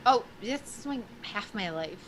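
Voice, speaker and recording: A woman in her forties, a podcast guest, chatting casually and animatedly on a live stream, cursing freely and shooting up in pitch when excited. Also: measured pace, crowd noise, rough recording.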